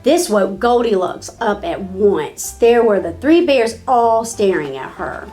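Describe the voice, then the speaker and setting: Expressive woman reading a children's story. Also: mid-range voice, unhurried, faint music behind. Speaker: storybook reader.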